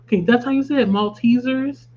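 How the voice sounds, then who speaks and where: A woman's voice: on the high side, brisk. Chatty woman in her thirties streaming. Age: 30s. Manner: chatty and animated, laughing and reacting aloud. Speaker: livestream host. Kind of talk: casual livestream chat reading viewer comments. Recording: slightly dull stream audio with faint hum.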